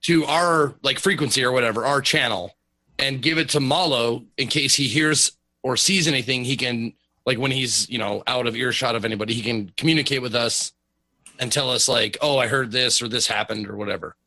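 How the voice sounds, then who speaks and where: A man taking part in a tabletop role-playing game as a player. He speaks casually and hesitantly, groping for words and stacking up fillers as he works out what to say. His pitch is ordinary and middling. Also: brisk, sharp tone.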